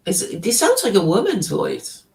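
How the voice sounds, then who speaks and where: A woman's voice: mid-range voice, wildly swooping pitch, measured pace, darkish tone. A woman in casual chat on a stream, teasing and laughing often.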